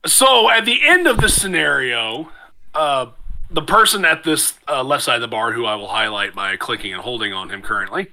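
Bright-voiced man running a tabletop game. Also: mid-range voice, expressive. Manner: wordy, theatrical narration with frequent "uh" pauses. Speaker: game master. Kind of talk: narrating a tabletop fantasy game.

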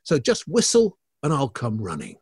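A man hosts an art podcast with a playful, theatrical delivery. His pitch leaps and dips all over as he teases his co-host. The sound is dry and close, with no room around him. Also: wildly swooping pitch, moderate pace, darkish tone, husky, no echo. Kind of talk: bantering podcast chat.

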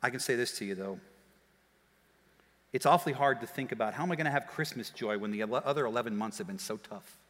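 Bright-voiced pastor preaching in a hall. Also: male voice, medium pitch. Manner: animated storytelling, shouting and quick laughs. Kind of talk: sermon. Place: church auditorium. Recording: long hall reverb.

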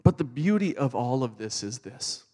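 A man preaching a sermon with animated, fervent delivery. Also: medium pitch, normal speed. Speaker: pastor.

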